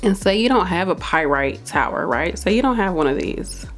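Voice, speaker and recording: A woman's voice: on the low side, expressive, moderate pace, faint music behind. A woman hosting a casual how-to video, talking in a chatty, encouraging way with many fillers. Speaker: crystal shop owner and video host. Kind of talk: casual how-to talk to camera.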